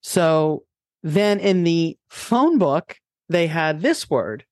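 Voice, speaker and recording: A woman with a New York accent hosting a casual chat over a headset, telling lively stories and laughing often. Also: on the low side, very slow, dry recording, clean studio sound. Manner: animated storyteller, laughs often. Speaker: podcast host.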